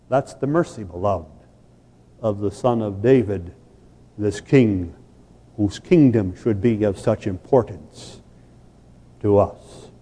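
A man preaching in a church with a long hall reverb trailing his words. His voice is low and mellow, and he speaks very slowly. He tells a story with drama and builds to sudden loud peaks. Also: husky. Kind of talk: sermon with an illustrative story.

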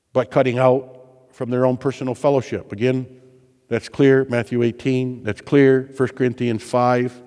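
Emphatic preacher in a reverberant church. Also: male voice, medium pitch. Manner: emphatic, repeats phrases for stress, swings between loud and hushed. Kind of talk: sermon.

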